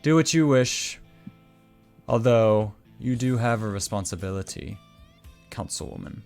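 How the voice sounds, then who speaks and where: A sarcastic, scoffing corrupt official, as a man puts him on, who is being held captive. His voice sits low. Faint music plays under him. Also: animated, unhurried, darkish tone.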